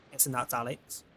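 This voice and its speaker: A man's voice: mid-range voice, background noise. A man streaming a horror game, commenting casually and laughing often. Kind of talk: let's play commentary.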